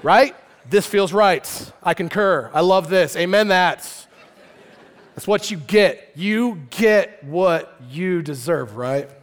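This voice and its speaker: A man from Arizona, a pastor, preaching a sermon through an animated, playful comic story that swings between loud and quiet. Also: high-pitched, slow pace. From Arizona, USA. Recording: long reverb of a large hall.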